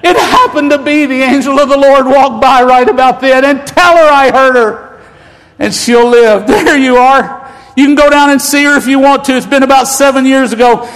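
A man preaches with fervent emotion, his voice pitched unusually high. His sermon swells toward shouting. The sound carries a long church-hall reverb.

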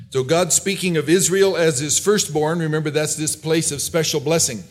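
A man's voice: a little high, fairly even intonation, normal speed, hardly any pauses. A man preaching a sermon, reading Bible verses aloud and explaining them loosely with restarts. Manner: reads Bible verses aloud and briefly acts out characters' lines.

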